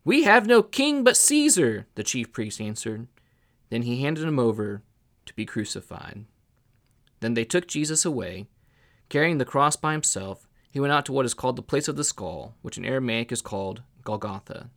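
A man reading scripture aloud in a steady, deliberate way. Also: mid-range voice. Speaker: scripture reader.

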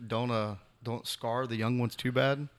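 Co-host, man, mid pitch, teasing, filler-heavy chat. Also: fairly even intonation, a little slow, smooth. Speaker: podcast co-host. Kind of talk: casual chat.

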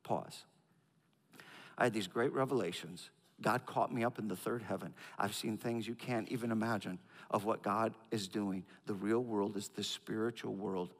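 A male pastor preaching a sermon who swings from loud, emphatic highs to quiet, low asides, often repeating words as he builds a point. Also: steady tone, normal speed. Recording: long hall reverb.

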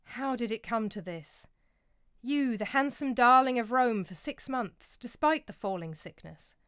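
A woman reading the lines of a commanding middle-aged king who gives curt, sharp orders in a storybook tale. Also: a little high, lively intonation, unhurried, clear, resonant tone, no room sound, clean studio sound. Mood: grieving.

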